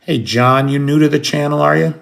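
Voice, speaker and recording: A man's voice: fairly high pitch, steady tone, brisk, creaky, fairly bright tone. An American man hosting a late-night livestream, chatting casually and greeting viewers by name. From United States. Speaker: livestream host. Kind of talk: casual live chat, answering viewers.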